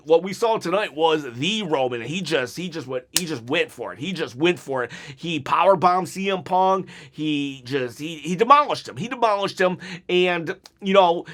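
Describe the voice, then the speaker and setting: A man with a fairly high voice talks through what happened on the show in a loose, rambling way. He restarts often and jumps up in pitch whenever he acts out what someone said. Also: a bit bright. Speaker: wrestling commentary channel host. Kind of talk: casual recap and opinion.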